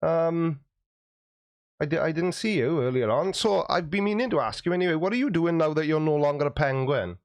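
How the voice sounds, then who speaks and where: A man's voice: on the high side, animated, a little fast, no echo. A man hosting a livestream, chatting in a jokey, self-deprecating way as he reads out viewer comments. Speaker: YouTube host.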